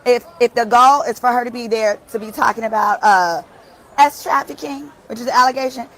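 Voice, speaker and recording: Woman, casual live commentary, indignant, emphatic, profane, slightly high voice. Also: a little fast, a bit bright. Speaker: commentator reporting from a trial.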